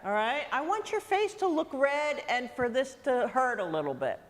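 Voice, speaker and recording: A woman conducting a student wind band, energetic and encouraging, singing parts aloud between instructions. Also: sits high, normal speed, soft background music. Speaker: guest conductor. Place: large theatre stage. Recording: echoey hall with long reverb.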